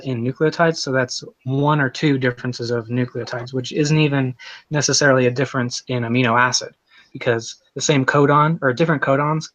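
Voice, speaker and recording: A man's voice: mid-range voice, fairly bright tone, no room sound. A man in a debate explaining genetics in a technical, matter-of-fact way. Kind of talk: live debate argument.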